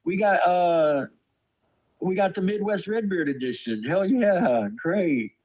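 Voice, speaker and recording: A man voicing an excited redneck guy gushing over a new puzzle at the store, in high, gushing exclamations. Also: drawn-out words, phone-quality sound. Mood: giddy.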